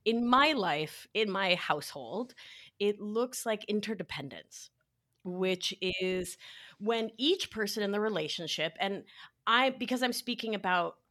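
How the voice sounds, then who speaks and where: A woman's voice: mid-range voice, expressive, a little slow, a bit bright, no echo, studio quality. A woman guest on a podcast, a life coach, chatting casually in a playful, jokey way.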